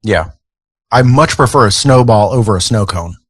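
A man's voice: lowish voice, lively intonation, moderate pace, husky, no echo, clean studio sound. A man co-hosting a radio show, chatting in an easygoing, agreeable way. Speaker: radio co-host. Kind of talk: casual radio banter.

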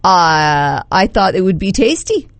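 A woman co-hosting morning radio in a mid-pitched voice that rises and falls a lot. She is upbeat and teasing in casual banter, heard dry and close in the studio. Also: very animated, unhurried, gravelly, no room sound. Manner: upbeat, teasing, laughs often. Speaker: radio morning show co-host.

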